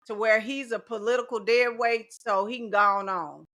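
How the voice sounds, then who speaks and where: A woman's voice: fairly high pitch, fairly even intonation, normal speed, fairly bright tone. A middle-aged woman, a teacher in a casual podcast conversation, talking emphatically and repeating her key points. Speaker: teacher and guest.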